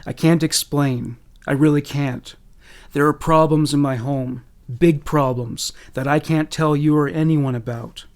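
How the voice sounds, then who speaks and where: A man voicing a frightened young woman who pleads haltingly and then stands firm. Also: sits low, fairly even intonation, a little mellow. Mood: pleading.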